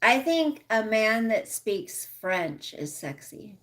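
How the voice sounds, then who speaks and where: Brief middle-aged woman host, unhurried livestream chatter reading out viewer comments. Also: a little high, sing-song, fairly bright tone. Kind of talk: casual live chat with viewers.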